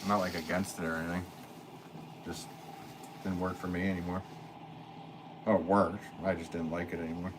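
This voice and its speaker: A man's voice: low voice, flat delivery, a little fast, long pauses, noisy background. A man hosting a pottery livestream, chatting casually and reading viewer comments aloud in a laid-back way, chuckling often. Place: pottery studio, indoors.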